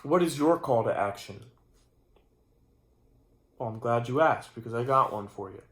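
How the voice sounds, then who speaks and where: A man's voice: mid-range voice, expressive, normal speed, a bit bright. A tired young man in his channel vlog, rambling through a mock-serious rant late at night and trailing off mid-sentence. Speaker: channel host. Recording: roomy echo.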